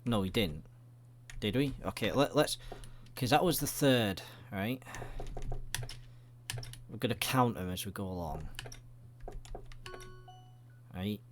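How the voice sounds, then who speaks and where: A man with a somewhat low voice talks his way through a game in loose, rambling let's-play commentary. He jokes crudely and swears freely. A faint hiss of noise sits under his voice. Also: animated, takes it slowly, long pauses. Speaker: gaming video creator.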